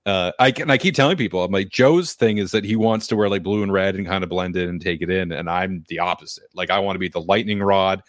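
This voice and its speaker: A man's voice: low voice, quick pace, hardly any pauses, no echo, studio quality. A man co-hosting a hockey podcast, talking casually and animatedly, swearing and laughing often. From French Canadian heritage. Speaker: podcast co-host. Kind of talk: casual sports chat.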